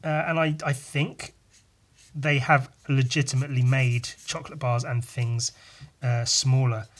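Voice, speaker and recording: A man's voice: medium pitch, little pitch movement, measured pace. A young man hosting a solo podcast, telling a meandering story full of swearing, wry asides and frequent fillers. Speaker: podcast host.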